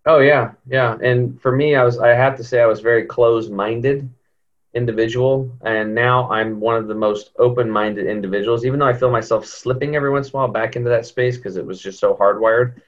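A man guest on a podcast telling a personal story in an animated way, often jumping into higher voices when he quotes people. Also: fairly quick. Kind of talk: storytelling in an interview. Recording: dull lo-fi audio.

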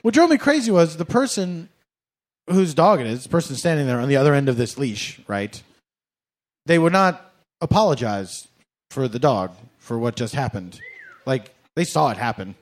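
A man's voice: medium pitch, expressive, moderate pace. A man doing a comic monologue, sarcastic and mock-formal, often laughing as he talks. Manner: laughs through his words. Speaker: comedian.

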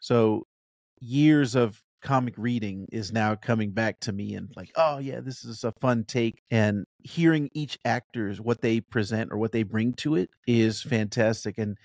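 A man's voice: fairly low pitch, unhurried, vocal fry, darkish tone, no room sound, clean studio sound. A man co-hosting a casual review podcast, talking eagerly and thinking aloud with frequent restarts. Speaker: podcast co-host reviewing a show.

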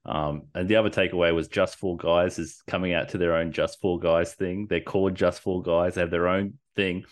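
Deep-voiced man rambling casually. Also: fairly even intonation, normal speed. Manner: rambling, full of fillers and swearing. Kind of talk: casual chat.

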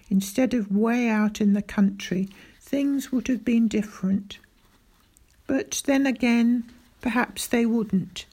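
A woman reading a children's story aloud in a measured, unhurried voice, as the boy who tells it. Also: medium pitch, dark tone, slightly rough. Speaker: audiobook narrator. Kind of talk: scripted storybook narration as a boy.

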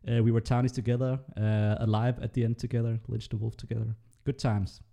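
Man, host, casual panel chat, mellow, filler-heavy, voice changer. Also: mid-range voice, flat delivery, fairly quick, creaky. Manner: chatty, frequent fillers and laughs. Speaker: podcast host. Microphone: voice run through a voice changer.

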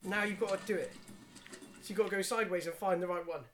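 A man's voice: sits high, fairly even intonation, quick pace, a bit bright, faint music behind. A young man chatting casually while playing a game, joking and exasperated. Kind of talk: casual chat.

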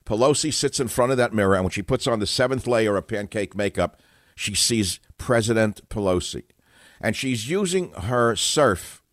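Man, low voice, dry studio sound, dramatic indignant talk radio host. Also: no echo. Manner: indignant, dramatic, name-calling. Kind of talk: political talk radio monologue.

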